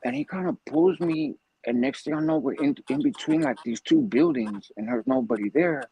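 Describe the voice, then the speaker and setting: A man tells a story in a husky, gravelly voice. His pitch rises and falls in a lively way as he talks. The tone is loose, streetwise and full of cursing. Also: normal speed, poor audio. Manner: animated, profane, streetwise slang. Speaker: guest telling a story. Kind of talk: casual storytelling.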